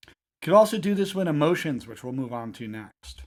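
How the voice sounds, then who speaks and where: Calm coaching man, slightly high voice. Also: brisk. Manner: calm, repetitive, coaching cadence. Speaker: self-help coach. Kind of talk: guided self-help instruction.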